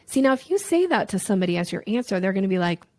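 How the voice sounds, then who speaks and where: A woman talks through sales steps as a podcast guest, with a mid-range voice and an animated delivery. She often slips into playful little voices to act out examples. The sound is dry and close, with no room echo. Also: mid-range voice, rapid-fire. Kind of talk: conversational interview teaching.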